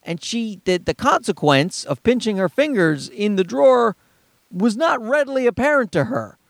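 A man's voice: high-pitched, big pitch swings, normal speed, vocal fry, dry recording, studio quality. A father ranting heatedly and profanely about other parents' advice, talking from inside his car. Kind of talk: ranting monologue.

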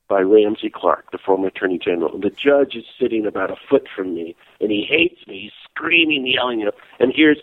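Animated storytelling man on a tinny line. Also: lowish voice, no room sound. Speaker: guest, peace activist and priest. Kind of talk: casual storytelling interview.

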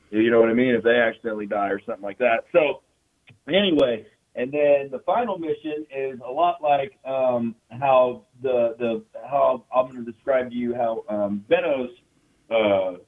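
A man telling war stories in casual, profane talk, full of fillers and repeated "you know what I mean". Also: mid-range voice. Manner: casual, profane, fast storytelling with frequent fillers. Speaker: military veteran guest. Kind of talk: casual storytelling. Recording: tinny phone-like sound.

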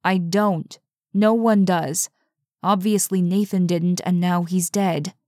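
Woman voicing a curt, impatient gruff man. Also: fairly low pitch, fairly even intonation, slow, mellow, no room sound, studio quality. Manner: curt, scornful, demanding.

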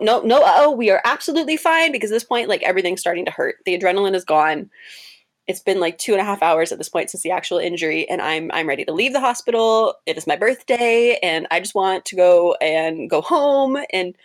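Young woman chatting away, kinda low voice, laughs a lot, pitch jumps around when she quotes people. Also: a little fast. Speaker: interview guest, cosplayer. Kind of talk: casual storytelling interview.

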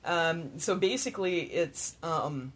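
A man's voice: on the high side, expressive, slow, a bit bright. Male podcast co-host, casual, laughs a lot, a bit worn out. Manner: enthusiastic, laughs often while talking. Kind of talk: casual chat.

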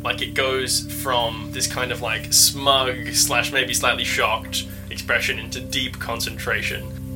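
A man running a tabletop game as game master, narrating scenes in a casual, descriptive way with lots of "like". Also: medium pitch.

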